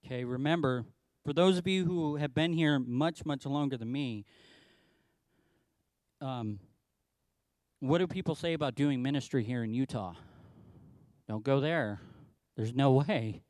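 Male pastor, animated storyteller in a sermon; clean, dry close sound. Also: medium pitch, normal speed, long pauses, no echo. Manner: animated storytelling, acting out quotes.

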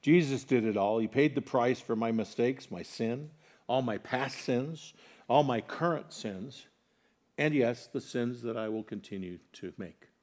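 A pastor with a mid-range voice preaches a sermon, earnestly putting questions to his congregation. He moves between loud, emphatic lines and soft, quiet ones.

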